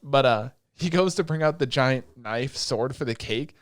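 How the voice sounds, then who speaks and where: A man's voice: mid-range voice, moderate pace, no echo, studio quality. A man co-hosting a podcast, casually retelling an anime plot with acted quotes and swearing. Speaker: podcast co-host. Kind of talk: casual chat.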